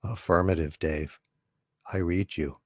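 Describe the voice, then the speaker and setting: A man voicing a calm, cold male ship computer, speaking low, soft and slowly. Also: dry recording, clean studio sound. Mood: eerily calm. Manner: soft, slow, eerily calm.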